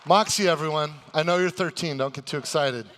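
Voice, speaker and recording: A man hosting a live convention stage show, excitable and hype-building, sometimes bursting into shouts to the audience. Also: on the high side, a little fast, big-room sound, a crowd in the background, background noise. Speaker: stage host.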